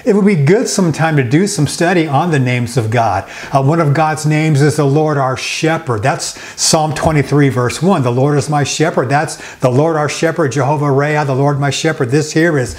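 A male pastor preaching a sermon, slowing down for emphatic repeated phrases, with frequent fillers. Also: a little high.

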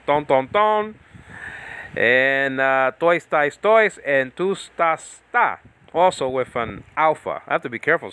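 A man gives casual, rambling lessons on Bible Greek, interrupting himself with tangents and frequent laughter. His voice is mid-range, pushed and bright.

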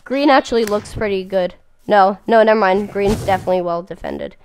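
A young woman chatting while playing a game, goofy and silly, often shouting and mooing. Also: medium pitch, a little fast, a little hiss or hum. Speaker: gamer. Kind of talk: casual gaming chat.

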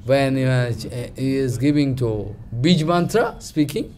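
A man, a spiritual teacher, giving a devotional storytelling lecture in animated, halting, broken English with many fillers. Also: mid-range voice, a little hiss or hum.

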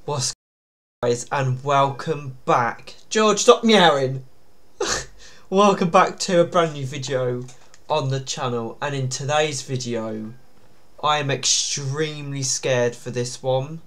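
A man's voice: mid-range voice, takes it slowly, a bit bright. A man giving nervous, jumpy commentary on a horror game, with sudden startled yelps. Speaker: gaming YouTuber.

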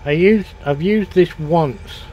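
A man's voice: fairly high pitch, takes it slowly, warm tone, highs cut off, a little hiss or hum. An older man, chatting casually and telling rambling stories while he streams a farming game.

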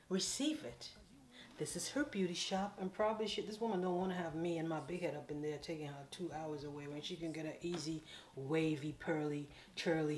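A woman from the Caribbean telling a comic storytime, acting out dialogue with big swings and sudden whispers. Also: deep voice. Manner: animated, dramatic quoted voices, drops to whispers. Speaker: vlogger. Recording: echoey room with faint noise.

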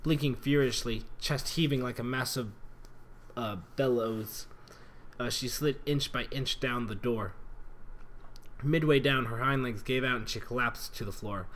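A man's voice: medium pitch, fairly even intonation, unhurried, fairly bright tone, a little hiss or hum. A man reading fan fiction aloud in an earnest, dramatic way, stumbling over words and rereading lines. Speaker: reader.

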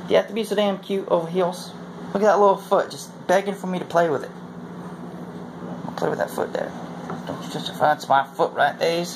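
A man's voice: sits high, steady tone, brisk, background noise. A man chatting crudely and joking while playing with his cat at home. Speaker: cat owner. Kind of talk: casual home video chat.

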